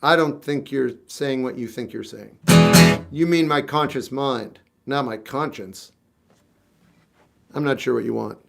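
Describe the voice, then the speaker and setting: A man's voice: medium pitch, unhurried, vocal fry, pauses often, fairly bright tone. A man in his fifties, a singer-songwriter chatting casually on a livestream, answering comments in a blunt, wry, offhand way. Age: 50s. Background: guitar playing.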